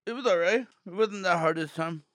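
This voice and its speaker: A man's voice: sits high, brisk, fairly bright tone, dry recording. A man from Canada, a guest comedian, joking dryly in casual chat. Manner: dry, joking.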